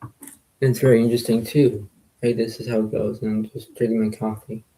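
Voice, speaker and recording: A man with a low, gravelly voice talks quietly to his viewers, rambling and repeating himself. His tone stays flat and mellow, close to the mic. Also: a little fast, low-quality recording. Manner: quiet, soft-spoken, repetitive and rambling. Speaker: poker video creator. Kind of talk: casual rambling recap to viewers.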